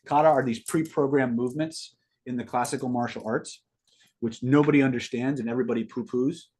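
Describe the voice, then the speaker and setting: Husky-voiced man telling a rambling story. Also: mid-range voice, brisk. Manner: rambling, repeats words, rising excitement in story. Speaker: host answering live viewers. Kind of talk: casual live-stream storytelling.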